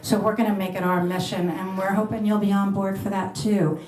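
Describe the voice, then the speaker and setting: A woman's voice: medium pitch, flat delivery, fairly quick, a little mellow, slight background noise. Middle-aged female radio host, chatty and laughing, live in a reverberant dining room. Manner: chatty, laughing, bubbly asides. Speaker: radio host speaking at a luncheon. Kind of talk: casual talk and Q&A with an audience. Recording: roomy live event recording.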